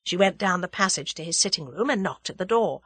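A woman narrating a novel as an audiobook in a measured, expressive reading. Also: on the low side, husky, dry recording. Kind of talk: scripted narration.

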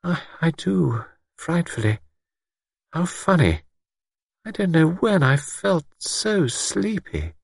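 A man voicing a sharp-witted young woman, her tense inner thoughts and a put-on drowsy voice, in a storybook reading. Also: lowish voice, sing-song, moderate pace, slightly rough, dry recording, clean studio sound, full character voice. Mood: feigned drowsy.

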